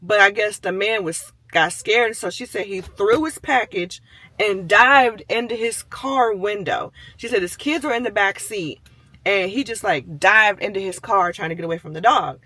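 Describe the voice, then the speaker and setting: A man with a high, bright voice tells a personal story in a relaxed, rambling way. He leans on "like" and "you know" and acts out the voices of everyone in the tale. The sound is dry and close, with no room echo. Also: moderate pace. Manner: animated, acts out the voices of people and animals in his story; chatty, with many fillers like "like" and "you know". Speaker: vlogger telling a personal story. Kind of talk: casual storytelling.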